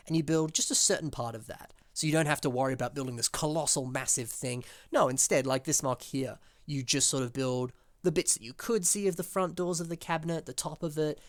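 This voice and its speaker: A man's voice: medium pitch, no room sound, clean studio sound. A man from Australia with an Australian accent, hosting and chatting enthusiastically about builds in casual commentary, with plenty of fillers. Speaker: host reviewing fan-built models.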